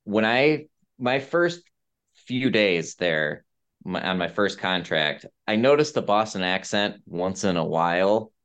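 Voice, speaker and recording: A man hosting a podcast, telling stories in a casual, lively way and slipping into quick accent impressions. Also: on the low side, clear, resonant tone. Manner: animated storyteller who mimics accents. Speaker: podcast host. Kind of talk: casual chat, storytelling.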